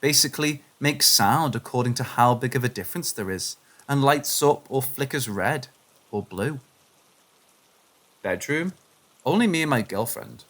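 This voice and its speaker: A man narrating submitted paranormal stories in a steady, scripted reading voice. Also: medium pitch.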